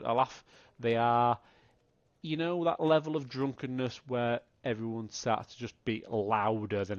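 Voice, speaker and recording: A man running a tabletop game, narrating the scene in halting bursts with lots of restarts. His voice is mid-pitched and recorded dry and a little dull, like an online call. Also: no echo. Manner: halting, many fillers and restarts. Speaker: game master.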